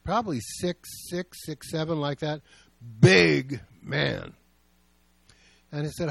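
A man's voice: on the high side, slow, gravelly, long pauses, fairly bright tone, dry recording. A male pastor preaching a sermon, telling stories in a plain, conversational way.

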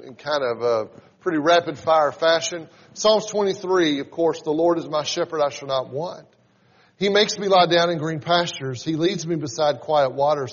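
A man in his forties preaching a sermon, teaching in a conversational way and reading scripture aloud with rising emphasis. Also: a little high. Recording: dull sound in a reverberant hall.

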